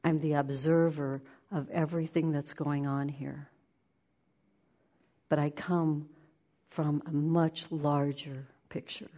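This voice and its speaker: A woman giving a spiritual talk, shifting between lively play-acting of inner voices and slow, hushed guidance. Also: low voice. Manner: animated, acts out inner voices with laughter; slows into soft, hushed guidance. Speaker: spiritual teacher.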